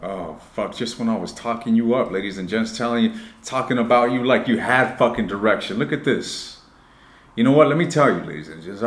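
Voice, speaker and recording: A man giving a casual tarot reading to camera, blunt and profane, talking straight to his viewers and moving between joking asides and earnest advice. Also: lowish voice. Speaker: tarot reader. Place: indoor room. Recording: roomy echoey room.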